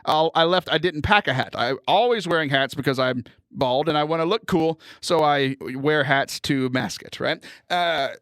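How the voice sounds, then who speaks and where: A man from Houston, hosting a podcast and chatting casually with animated storytelling and frequent laughter. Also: a little high, moderate pace, hardly any pauses, smooth, no room sound, studio quality. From Houston, Texas. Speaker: podcast host. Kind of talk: casual chat.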